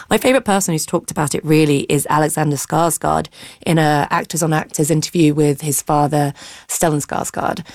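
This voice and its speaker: Woman critic, chatty opinions, low voice, dry studio. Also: vocal fry, darkish tone, no room sound. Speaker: film critic. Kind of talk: radio arts discussion. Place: radio studio.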